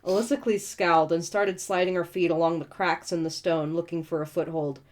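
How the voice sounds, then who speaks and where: A woman's voice: lowish voice, steady tone, a little fast. A woman reading a novel aloud and breaking in with snarky, profane asides. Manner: snarky, profane asides between read passages. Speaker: book reviewer reading aloud.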